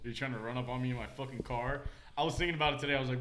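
A man's voice: mid-range voice, steady tone, racing, a bit bright, a little hiss or hum. A young man co-hosting a podcast, chatting casually in crude slang and laughing often. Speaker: podcast co-host. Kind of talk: casual chat.

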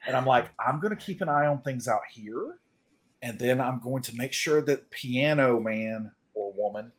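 A man's voice: mid-range voice, animated, moderate pace. A man playing in a tabletop horror game, talking in a rambling, hedging, playful way. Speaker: player. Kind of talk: in-character tabletop play.

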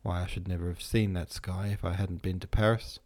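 Earnest young med student guy, wistful and eager, low voice, man reading it. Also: steady tone, fairly quick, a little mellow, natural voice. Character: young male medical student, earnest and easily moved.

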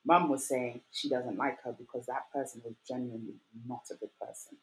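Low-voiced woman telling a lively personal story. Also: fairly quick, poor audio. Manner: animated, acts out quoted voices, many fillers like "like" and "you know". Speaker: guest.

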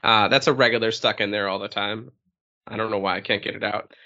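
A man co-hosting a casual chat, animated and laughing, breaking into bits of song as he tells stories. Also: lowish voice, brisk. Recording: lo-fi sound.

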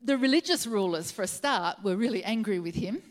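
A woman's voice: medium pitch, expressive, brisk. A woman preaching a sermon, retelling a story earnestly and repeating her key phrases for emphasis.

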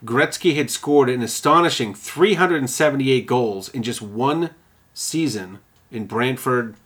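Guy cohosting a podcast, swears constantly, tells the story animated. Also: mid-range voice, measured pace. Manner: profane, storytelling, acts out quotes. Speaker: podcast co-host. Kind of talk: casual chat.

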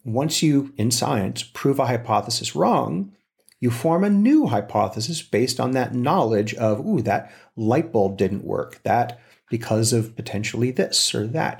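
Animated storytelling man. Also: mid-range voice, creaky. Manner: animated storyteller, acts out quotes. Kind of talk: casual conversation.

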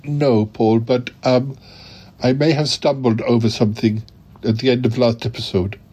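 A man's voice: medium pitch, steady tone, normal speed, dark tone, breathy edge, natural voice. A man voicing a timid, fretful male sidekick who talks hesitantly and apologetically. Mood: nervous. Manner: hesitant, full of "oh dear" and "um".

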